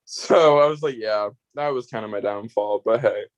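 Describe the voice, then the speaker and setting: A man's voice: fairly low pitch, normal speed, dull audio. A man giving a rambling, heartfelt farewell speech on voice chat as an eliminated player. He swears freely and grows emotional.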